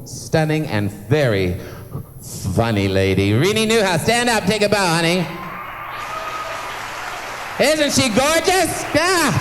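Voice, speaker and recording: A man emceeing live from a large theatre stage, his talk swooping up and down with lively, animated pitch. He gushes, chats and teases himself, dropping in a casual curse now and then. The hall's long reverb trails each phrase, over a faint hiss. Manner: gushing, chatty and self-mocking, with playful swearing. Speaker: master of ceremonies at a benefit concert.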